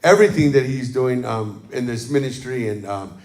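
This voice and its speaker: Speaking at normal speed in a mid-range voice, a man preaches casually to his congregation, his storytelling chatty and warm with lots of "um" and "amen." The livestream carries the roomy sound of the church sanctuary.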